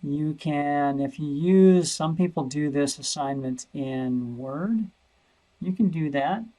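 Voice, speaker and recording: A man's voice: a little high, slow, dark tone, rough recording. A man teaching a math lesson over a screen recording, thinking aloud and repeating words as he searches.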